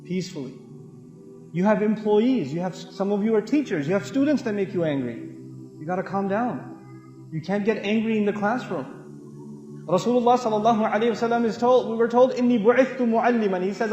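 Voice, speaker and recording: A man with a high voice preaches in an animated, storytelling way, full of humor and sudden drops to a hush. He sounds like he is in a roomy hall with a long echo. Faint music plays behind him. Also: brisk. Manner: animated storytelling with humor, shifting between loud and soft. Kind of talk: lively religious talk.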